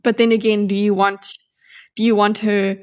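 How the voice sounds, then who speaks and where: A woman co-hosting a book-club podcast, talking earnestly and thinking out loud with many restarts. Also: medium pitch, little pitch movement, moderate pace. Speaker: podcast co-host. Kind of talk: casual book-club chat.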